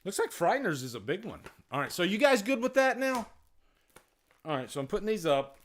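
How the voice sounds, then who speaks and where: A man's voice: high-pitched, brisk. A man hosting a live movie night stream from a room at home, chatting casually and joking with his viewers. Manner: excitable, joking, talks straight to his chat. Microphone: external mic.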